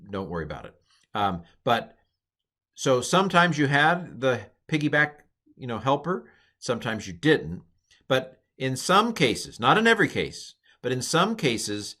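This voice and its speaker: A man teaching a recorded language lesson in a relaxed, rambling way, full of ums and self-corrections. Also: medium pitch. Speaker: Hebrew teacher. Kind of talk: informal recorded lecture.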